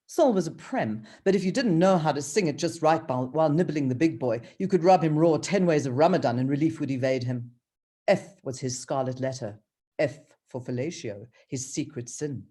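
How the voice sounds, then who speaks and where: Low-voiced woman author reading aloud. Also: dark tone, husky. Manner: hesitant, with many ums and restarts in chat. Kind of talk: reading her novel aloud and chatting.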